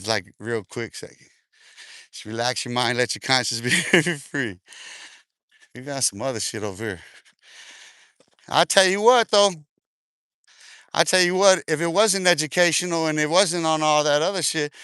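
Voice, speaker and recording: A man's voice: a little high, pushed and bright, clean tone, no echo. A man ranting casually on a livestream, taunting and bragging, swearing constantly and laughing often between lines.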